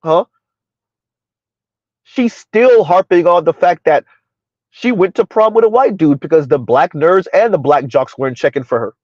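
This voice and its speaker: A man with a slightly high voice, talking through a casual commentary stream. He argues in rhetorical questions and keeps checking in with "right?" and "huh?". The sound is dry and a little dull, like a home setup with a modest mic. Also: normal speed, pauses often, darkish tone, dry recording. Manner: rhetorical, repeats "who would have ever thought" and "right? huh?"; talks about himself in third person. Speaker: commentary host.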